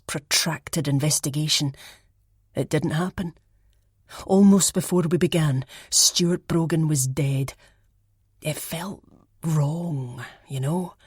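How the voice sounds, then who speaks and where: A woman voicing a reflective male ex-detective in an audiobook, speaking in a measured, thoughtful way. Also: deep voice, darkish tone, breathy edge, no echo, studio quality, heavily acted. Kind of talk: audiobook character reading.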